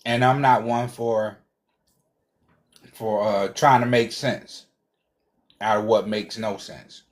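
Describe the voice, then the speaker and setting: A man speaks in slow, measured remarks with a low voice, taking his time over each phrase. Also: fairly even intonation.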